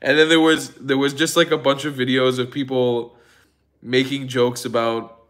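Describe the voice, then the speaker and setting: A man hosting a casual livestream, telling stories in an excitable, profane way and laughing often. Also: medium pitch, moderate pace. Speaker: livestream host.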